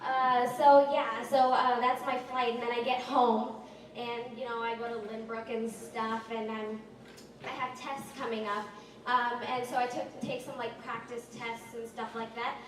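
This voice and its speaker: A woman's voice: on the high side, level tone, measured pace, a little hiss or hum. Teen girl doing standup at an open mic, lots of likes and ums, far from the mic, super echoey. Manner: rambling, many likes and ums. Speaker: stand-up performer. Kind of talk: stand-up comedy story.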